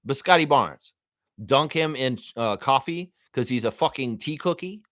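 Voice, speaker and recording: A man's voice: mid-range voice, animated, normal speed, fairly bright tone, no echo, studio quality. A man hosting a live fan reaction show, ranting in a profane, exasperated way with repeated outbursts. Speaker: sports show host.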